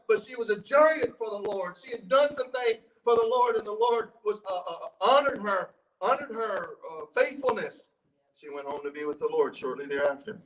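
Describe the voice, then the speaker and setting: A high-voiced man preaches in a church, sounding a little distant from the microphone. He talks in a conversational way, restarting phrases and repeating words, and often asks the congregation questions. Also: fairly bright tone. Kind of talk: sermon with scripture reading.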